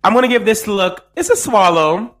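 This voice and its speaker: A man's voice: high-pitched, normal speed. A man co-hosting a podcast, giving casual, playful reality-show recap commentary. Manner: animated, playful banter. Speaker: podcast co-host.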